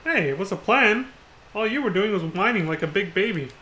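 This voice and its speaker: A man voicing a hot-headed young male rebel from a video game, yelling furious insults at a high pitch. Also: animated, brisk. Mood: bickering.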